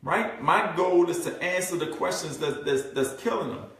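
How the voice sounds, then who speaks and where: A man coaching a group on marketing, animated and repetitive, often checking in with "right?", acting out what his prospects think. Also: a little high, normal speed. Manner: animated, acts out prospects' thoughts. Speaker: network marketing trainer. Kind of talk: live group coaching session. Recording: very echoey room, mic far off.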